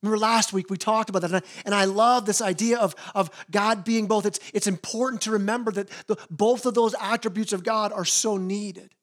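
A man's voice: high voice, steady tone, brisk, few pauses. A man preaching a sermon as pastor, earnest, often repeating words as he starts a phrase.

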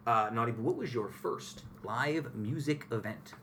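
A young man hosting a podcast, chatting casually with guests and telling animated stories with frequent laughter. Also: medium pitch, moderate pace, slight background noise. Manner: animated storyteller, laughs often. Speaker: podcast host. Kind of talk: casual interview chat.

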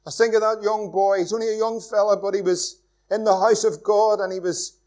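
High-voiced Northern Irish pastor preaching. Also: male voice, flat delivery, fairly quick. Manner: earnest preaching, swings from loud emphasis to hushed tones. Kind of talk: evening sermon.

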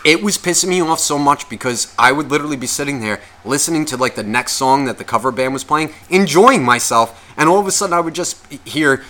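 Bright-voiced, foul-mouthed male podcaster. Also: on the high side, fast, few pauses. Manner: profane, animated storytelling. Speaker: podcast co-host. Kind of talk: casual podcast chat.

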